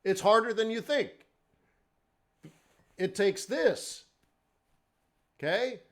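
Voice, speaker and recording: Taking it slowly, a man with a high-pitched, slightly bright voice teaches forex trading in a live webinar. His manner is conversational, with rhetorical questions and frequent check-ins of "okay?" and "right?".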